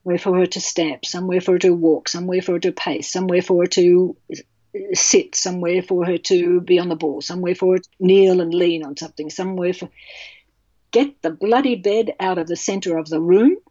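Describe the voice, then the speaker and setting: A woman's voice: fairly low pitch, fairly even intonation, fairly quick, mellow, dry recording, muffled recording. A woman, speaking passionately and bluntly as a childbirth educator in an interview. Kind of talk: podcast interview.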